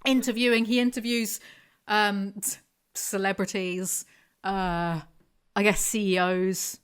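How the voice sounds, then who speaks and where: A woman's voice: mid-range voice, fairly bright tone, clean tone. A young woman hosting a podcast, chatting casually in a rambling, self-deprecating way. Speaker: podcast host.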